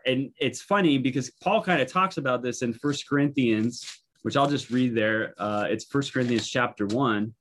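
A man's voice: mid-range voice, normal speed, a bit bright. Casual, rambling male Bible teacher. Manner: informal, thinking aloud, frequent fillers and restarts.

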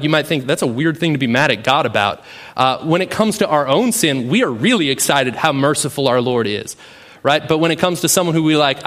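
A pastor with a somewhat high, fairly bright voice preaches a sermon conversationally. He often tags his sentences with "right?" and reads scripture aloud with rising emphasis.

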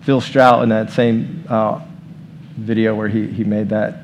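A man's voice: lowish voice, little pitch movement, unhurried, darkish tone, a little hiss or hum. Man preaching an informal, chatty sermon. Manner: informal, leads the room in prayer. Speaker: pastor. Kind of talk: conversational sermon.

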